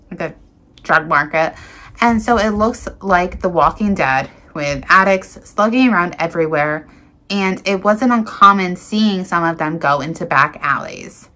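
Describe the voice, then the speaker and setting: A woman's voice: mid-range voice, bright, forceful tone. A woman reading viewers' paranormal encounter stories aloud in an earnest, dramatic way, with small slips and restarts.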